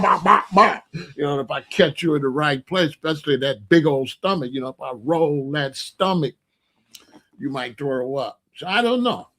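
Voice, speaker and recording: Gravelly man telling a heated story. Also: a little high. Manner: animated storytelling with sound effects and mock voices. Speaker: commentary channel host. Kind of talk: casual opinion monologue.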